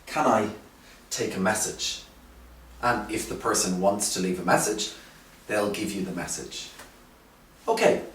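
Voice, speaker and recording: Man, English teacher, low voice, lively pitch, echoey room, distant mic. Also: a little hiss or hum. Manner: slow, clear, drawn-out teaching with rising emphasis. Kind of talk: teaching language lesson. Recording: roomy echo, voice from off the mic.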